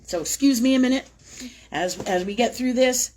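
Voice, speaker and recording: A woman with a slightly high, somewhat mellow voice speaks at a moderate pace while hosting a spiritual livestream. In a personal confessional monologue, she recounts her own story intensely and emotionally, swearing freely and repeating phrases for emphasis.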